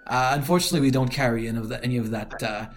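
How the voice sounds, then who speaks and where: A man's voice: medium pitch, racing, lightly acted. A man voicing a polite, apologetic wizard shopkeeper in a tabletop game, in a formal, fussy manner. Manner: formal, apologetic shop talk.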